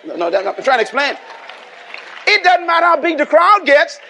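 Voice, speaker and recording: A Bahamian man delivers a sermon in a strikingly high voice. He preaches with emphasis, repeating his key lines and urging the listeners to answer back. A faint crowd can be heard behind him. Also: sing-song, normal speed, bright, forceful tone, a little hiss or hum. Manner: emphatic, repeats lines and calls for audience response. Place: live venue before a congregation.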